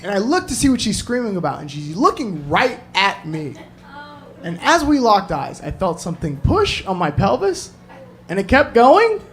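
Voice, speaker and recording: A man telling a stand-up comedy story, animated and prone to screamed impressions. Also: high-pitched, moderate pace, noisy background.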